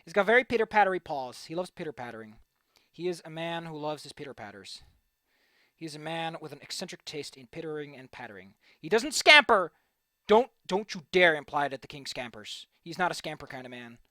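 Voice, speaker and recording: A man's voice: on the high side, lively intonation, fairly quick, bright, forceful tone, no room sound. Goofy, rambling young man streaming his drawing. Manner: goofy, rambling, playful repetition. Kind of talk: casual commentary while drawing.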